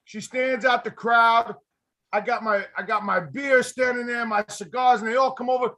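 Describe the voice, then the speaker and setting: A man hosting a casual group chat, telling animated stories and acting out quotes. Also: very high voice, normal speed. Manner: animated storyteller, acts out quotes.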